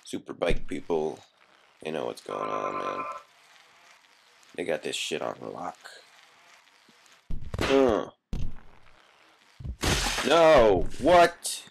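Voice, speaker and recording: A man's voice: rumbling low, sing-song, takes it slowly, gravelly, pauses often, a little hiss or hum. A young man giving casual gameplay commentary, swearing constantly and yelping in frustration.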